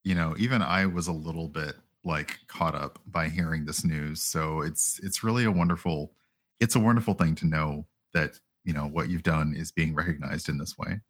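Deep-voiced playful American co-host. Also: male voice, fairly even intonation, moderate pace. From United States. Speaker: guest co-host. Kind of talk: casual podcast chat.

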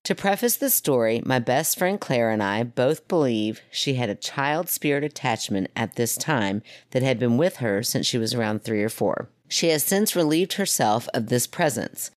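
A podcast co-host from the United States with a strikingly low voice, chatting casually and joking along with her co-host. She reads a listener's story aloud between tangents. The sound is dry and close to the mic. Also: expressive, no room sound. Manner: joking, chatty, drawn-out reactions.

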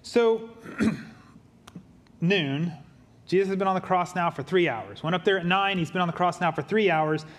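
A man with a fairly high voice preaches a sermon as a pastor. He drops into quiet, low tones for weight, then lifts into lively, joking asides. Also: a little slow. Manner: humorous asides in a conversational tone.

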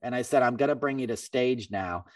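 A middle-aged man hosting a podcast, telling a story in a casual, animated way and acting out other people's lines. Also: mid-range voice, fairly quick, recorded from a distance. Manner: animated, acts out quoted voices. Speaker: podcast host.

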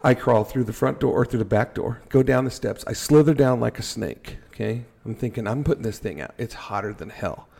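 A middle-aged man telling a story on a podcast, animated and joking as he goes. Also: medium pitch, fairly quick, creaky, hardly any pauses, breathy edge. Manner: animated storyteller, jokey asides. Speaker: podcast guest. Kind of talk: casual storytelling.

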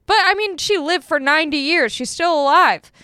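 A woman's voice: high voice, normal speed, sharp tone, no echo, studio quality. A young woman, a comedian hosting a podcast, telling stories in casual, self-deprecating chat. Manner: chatty, self-deprecating storytelling.

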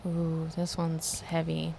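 A woman co-hosting a casual chat, chiming in with quick, short reactions and answers. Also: low-pitched, monotone, gravelly, dark tone, slight background noise. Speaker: co-host.

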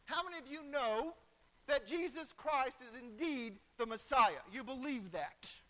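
A man preaching a sermon as pastor, building to loud bursts and dropping into folksy asides. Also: very high voice, lively intonation, a little slow, rough recording.

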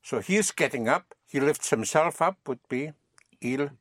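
A man leads a recorded language lesson. He drills phrases patiently, repeats them and corrects gently, and his pitch moves a lot. The sound is dry and close. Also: lively intonation, measured pace, no room sound. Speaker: language teacher.

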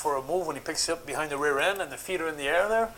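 Animated man telling wrestling stories. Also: a little high, racing, rough recording. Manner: animated anecdotes, acts out quotes. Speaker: guest, former wrestler. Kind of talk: casual storytelling on a podcast.

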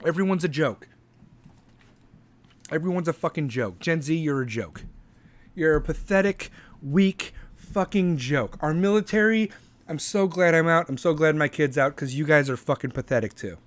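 A man's voice: a little high, moderate pace. A middle-aged man, a veteran host, ranting angrily with sarcasm and heavy swearing. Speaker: podcast host and military veteran. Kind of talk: profane political rant.

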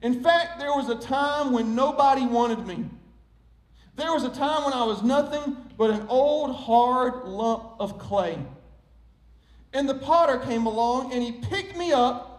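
A preacher voicing a pleading talking teacup. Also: male voice. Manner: storytelling, rising to high pleading cries. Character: old teacup, male, long-suffering and wondering. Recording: roomy echo.

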